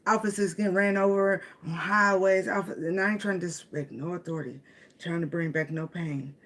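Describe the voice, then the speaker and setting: A woman's voice: on the low side, brisk, a bit bright. A woman with giving a casual tarot reading. She speaks with emotion, laughs often and repeats phrases. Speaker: tarot reader.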